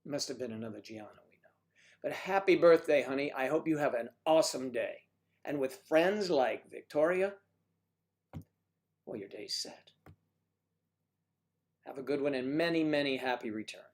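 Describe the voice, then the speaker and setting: A man's voice: medium pitch, expressive, normal speed, pauses often. A man hosting a casual livestream, reading out viewer comments and chatting, teasing and calling people honey and sweetie. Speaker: livestream host reading chat.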